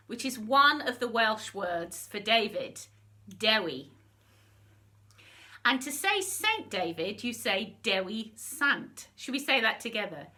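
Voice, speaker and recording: A woman's voice: a little high, sharp tone. A woman patiently teaching children how to pronounce words in a school lesson video. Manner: patient, clear pronunciation teaching. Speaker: language helper.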